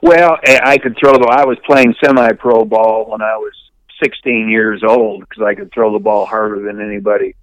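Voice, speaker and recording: An older man from Michigan, a retired pitcher and podcast guest, telling animated hunting stories in casual chat. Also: normal speed, no room sound, low-quality recording. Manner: animated anecdote teller, mimics yelping dogs and shouting people.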